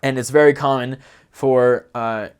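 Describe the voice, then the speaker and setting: A young man talks through a lesson at a medium pitch. He is casual and loose, leaning on fillers and correcting himself mid-sentence. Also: fairly even intonation, measured pace, smooth. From United States. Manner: loose and rambling, many fillers and self-corrections. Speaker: returned missionary teaching pronunciation.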